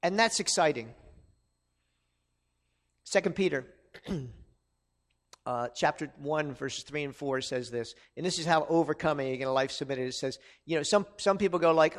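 A man's voice: on the high side, normal speed, long pauses. A man preaching a sermon in a conversational way, with asides and restarts. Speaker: pastor.

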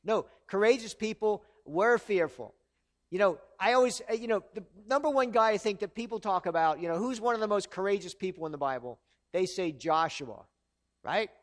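A man with a high voice preaches a sermon. He keeps it earnest and conversational and often asks the congregation rhetorical questions. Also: expressive, moderate pace. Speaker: pastor.

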